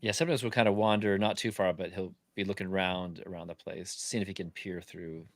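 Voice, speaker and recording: Low-voiced male player, dry close sound. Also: steady tone, fairly quick, dry recording. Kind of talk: playing a tabletop game.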